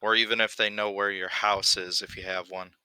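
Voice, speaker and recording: A man's voice: fairly low pitch, little pitch movement, fairly quick, bright, forceful tone, clean tone, no room sound, rough recording. A man playing a tabletop game, joking casually with the group. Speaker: player.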